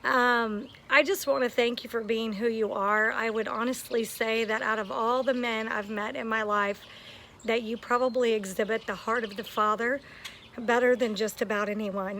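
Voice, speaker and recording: A woman's voice: on the high side, fairly bright tone, slight background noise. A woman outdoors giving an earnest, emotional birthday video message to a friend, with frequent ums.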